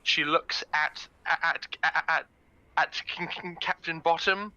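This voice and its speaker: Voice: mid-range voice, fairly even intonation, takes it slowly, pushed and bright, no echo, lo-fi sound. A player in a tabletop game describing their character's actions, stumbling and repeating words.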